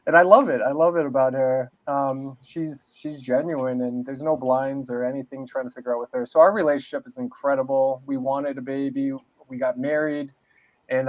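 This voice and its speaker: A man from New England chatting casually as a podcast guest, laid-back and saying "man" and "dude" a lot. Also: mid-range voice. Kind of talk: casual interview chat. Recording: dull lo-fi sound.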